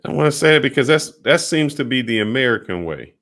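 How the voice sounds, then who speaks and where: A man hosting an interview, asking questions with lively emphasis. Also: mid-range voice, quick pace. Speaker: host. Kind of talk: casual interview talk.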